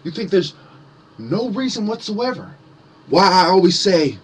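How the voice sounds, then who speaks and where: A man's voice: high voice, sing-song, unhurried, a little hiss or hum. A man ranting to his listeners in a profane, sarcastic, mocking monologue. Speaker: conspiracy commentator.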